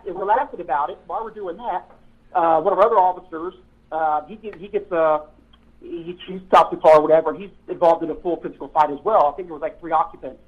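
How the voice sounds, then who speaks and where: A man, a former police officer, telling old patrol stories in casual chat, rambling and correcting himself as he goes. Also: a little high. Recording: tinny phone-like line.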